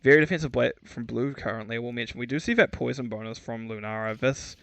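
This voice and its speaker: Man, esports caster, solo play-by-play, chatty, self-deprecating, mid-pitched voice. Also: fast talker, vocal fry, a bit bright, no echo. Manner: chatty, self-mocking, trips over names. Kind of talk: solo game commentary.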